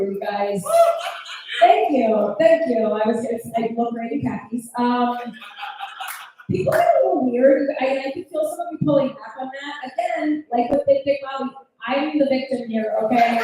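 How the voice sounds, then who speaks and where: A high-pitched woman in her thirties works the crowd at a comedy club, brash and profane, firing off quick asides. Her voice rings around a very echoey room and sounds set back from the microphone, with faint noise behind it. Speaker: stand-up comedian. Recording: echoey club, mic heard from a distance.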